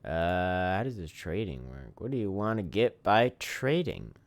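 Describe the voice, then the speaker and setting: Male streamer, let's-play commentary, lively up-and-down voice, self-deprecating. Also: low voice, unhurried. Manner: self-deprecating, reads game text aloud.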